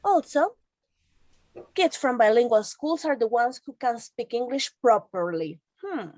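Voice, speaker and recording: Female host of an online teachers' meeting, higher pitch, dry close sound, explanatory. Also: expressive, unhurried, darkish tone, no room sound. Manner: explanatory, reassuring. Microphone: video call.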